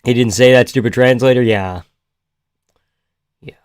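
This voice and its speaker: A man hosting a live stream, giving casual reaction commentary on the fights and chatting with his viewers, shifting from loud excited outbursts to laid-back banter. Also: mid-range voice, measured pace, clear, resonant tone, no room sound, studio quality.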